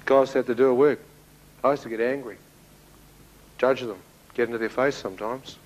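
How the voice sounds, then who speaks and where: A man giving a spoken testimony to an audience, telling his story in an animated way and acting out the dialogue. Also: mid-range voice, moderate pace, highs cut off, slight background noise. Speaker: speaker giving a personal testimony.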